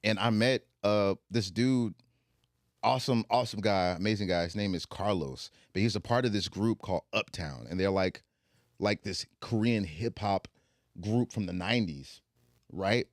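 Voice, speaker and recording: Recorded cleanly in a studio with no echo, a young Southern man with an African American accent and a lowish voice talks at normal speed. He chats casually, telling animated stories that wander off into lots of asides.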